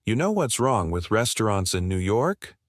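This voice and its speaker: A man's voice: lowish voice, big pitch swings, normal speed, no room sound, studio quality. A man voicing a brash, rude diner. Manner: brash, mocking, complaining. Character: loud rude middle-aged male Texan diner.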